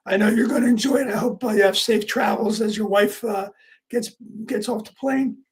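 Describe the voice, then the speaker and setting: A man hosting a casual horse racing betting chat, talking through his picks in a rambling, earnest way, his voice sounding high and squeaky. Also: moderate pace, a little hiss or hum. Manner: rambling, full of fillers, earnest. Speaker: horse racing handicapper host.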